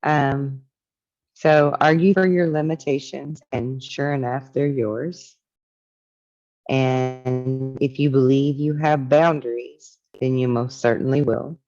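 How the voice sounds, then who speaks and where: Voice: medium pitch, fairly even intonation, slow pace, darkish tone, muffled recording. A spiritual teacher talking casually and reflectively, reading from a book and musing on its ideas.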